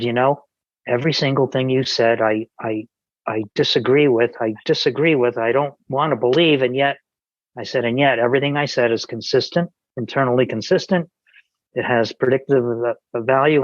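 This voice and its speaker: A man's voice: mid-range voice, no echo, lo-fi sound. A man, a podcast guest, telling an anecdote in casual conversation, with many restarts and quoted dialogue.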